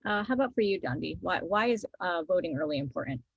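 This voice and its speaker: A woman moderates an online panel casually, with plenty of fillers. Her voice is husky and gravelly, and the sound is dry and close. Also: fairly low pitch, lively intonation, quick pace, no room sound, highs cut off.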